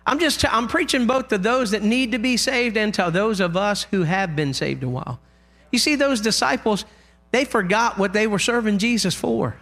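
A man preaching a sermon in a church, impassioned, loudly crying out the lines he quotes. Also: high voice, lively intonation, moderate pace.

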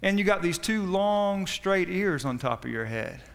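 A man voicing a sly, cunning blind rattlesnake in a sermon story, drawling low and slow. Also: animated, creaky, a bit bright, long reverb tail, exaggerated voice.

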